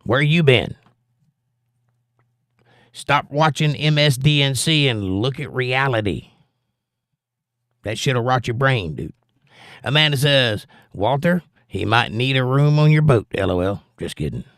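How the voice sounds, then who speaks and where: A man's voice: medium pitch, lively intonation, unhurried, fairly bright tone, no echo. Argumentative male livestream host reading chat aloud, middle voice, dry recording.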